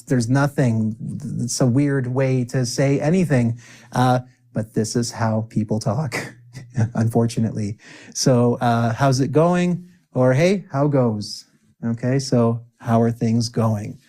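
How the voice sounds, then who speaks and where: An upbeat man teaches a spoken English lesson in a voice of ordinary pitch. He coaxes his learners along and says each example phrase slowly and clearly so they can repeat it back. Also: dark tone.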